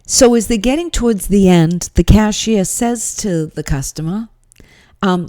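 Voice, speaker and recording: A woman's voice: medium pitch, a little slow, dark tone, no room sound, studio quality. A woman podcast host telling a story in a monologue, emphatic and exasperated.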